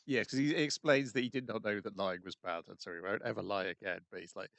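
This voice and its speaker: A man co-hosting an anime podcast, recapping episodes in a hesitant, dry way with many pauses. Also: lowish voice, creaky, a bit bright, dry recording. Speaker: podcast co-host. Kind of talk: casual chat recapping anime.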